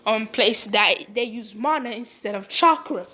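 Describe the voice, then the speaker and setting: A young woman casually retelling a fan-made story, rambling with many fillers and slipping into quick character voices. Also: on the high side, pushed and bright.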